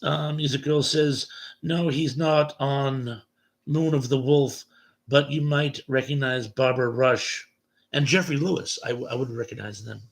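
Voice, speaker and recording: A man's voice: medium pitch, steady tone, measured pace. A man hosting a late-night livestream chat, reading viewer comments aloud and chuckling at them between replies.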